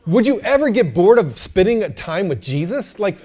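A man preaching a sermon to his church, animated and joking, often asking the crowd for an amen. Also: high voice, moderate pace. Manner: animated, joking, calls for amens. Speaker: pastor.

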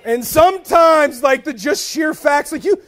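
A man preaching a sermon as a pastor, telling stories with humor in a conversational way. He is animated, dropping to soft asides and then rising into loud, emphatic bursts. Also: extremely high pitch, unhurried, some chatter behind. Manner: conversational, with frequent "like" and repeated starts.

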